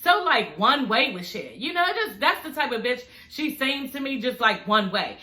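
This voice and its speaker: A woman's voice: on the high side, sing-song, moderate pace, pushed and bright, roomy sound. A woman giving casual, sassy, profane reaction commentary on a reality show, talking straight to her viewers. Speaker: vlogger reviewing a reality show.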